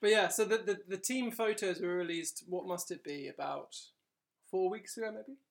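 A man's voice: high-pitched, normal speed, gravelly. Wry laughing man co-host. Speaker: podcast co-host. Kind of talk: casual chat.

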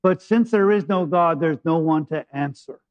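A man preaching a sermon with a high voice, retelling a scripture story in a lively, joking way. The sound is dry and a little muffled. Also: normal speed, no echo. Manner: animated storytelling preacher, paraphrasing scripture with humor. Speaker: pastor.

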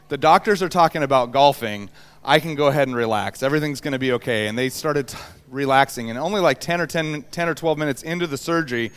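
Animated storytelling preacher, smooth voice. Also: male voice, mid-range voice. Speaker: pastor. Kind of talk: sermon with personal story.

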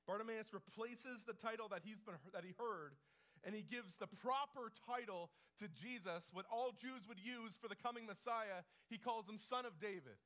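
A man preaching a sermon in a high voice, telling the story with conversational emphasis and repeating key phrases. His tone is forceful and bright. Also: normal speed. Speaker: pastor. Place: church service.

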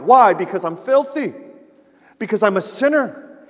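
High-voiced man preaching in an echoing hall. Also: lively intonation, measured pace. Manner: earnest preaching, swinging from loud emphasis to hushed softness. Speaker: pastor. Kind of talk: sermon.

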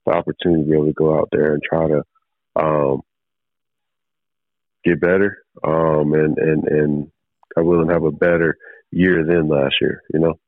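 A man calling in as a football player guest, speaking haltingly with many fillers and restarts. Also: rumbling low, flat delivery, no room sound. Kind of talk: casual phone interview. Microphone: phone call. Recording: tinny phone line.

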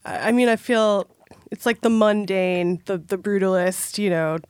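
A woman's voice: medium pitch, moderate pace, a little mellow, smooth, no room sound. A woman hosting a casual podcast interview, chatty and enthusiastic with her guest. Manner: enthusiastic, chatty, laughs easily. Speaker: podcast host.

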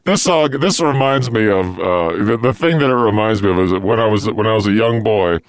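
A man's voice: on the low side, a little fast, dry recording, natural voice. A man playing a rambling old male prophet turned pop star in an improvised comedy bit, drifting into absurd memories.

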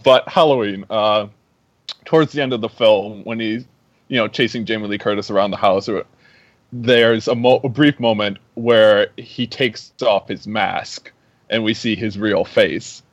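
A man's voice: fairly low pitch, fairly even intonation, a little slow, dry recording. A man co-hosting a casual movie podcast, explaining at length with many fillers. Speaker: podcast co-host. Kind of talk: casual chat about movies. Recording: dull, dry lo-fi mic.

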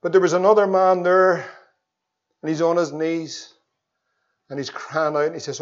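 A man preaching an evangelistic sermon, swinging between loud pleas and hushed tones. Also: on the high side, steady tone, moderate pace, pauses often. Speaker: pastor. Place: church. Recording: dull lo-fi sermon recording.

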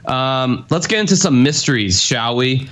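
A man's voice: mid-range voice, lively intonation, normal speed, a bit bright. A man co-hosting a podcast in casual chat, joking and rambling as he talks, on a computer call that sounds phoned in. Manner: joking, rambling, laughs often. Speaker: podcast co-host.

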